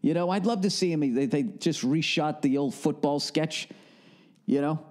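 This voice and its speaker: Man, Boston accent, comedic podcast rant, swearing, laughing, slightly high voice. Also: normal speed, darkish tone. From northern United States. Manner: ranting, profane, laughs often, acts out quoted voices. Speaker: podcast host. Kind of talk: casual comedic monologue. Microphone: studio podcast mic.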